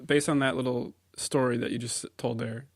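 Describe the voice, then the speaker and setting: A man in the middle of the pitch range, co-hosting a relaxed podcast. He reads headlines aloud and laughs easily. The sound is dry and close-miked. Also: normal speed, no room sound. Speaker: podcast co-host. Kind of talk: casual podcast chat.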